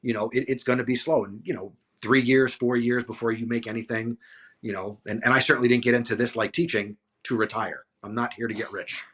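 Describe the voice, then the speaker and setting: A man's voice: medium pitch, steady tone, brisk, fairly bright tone, slightly rough. A man co-hosting a podcast in casual chat, easygoing and earnest. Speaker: podcast co-host.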